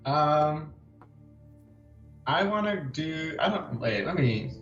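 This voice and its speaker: A man's voice: a little high, big pitch swings, extremely slow, long pauses, fairly bright tone, dull audio, soft background music. Flustered man playing a tabletop game. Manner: flustered, laughing, self-deprecating. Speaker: player.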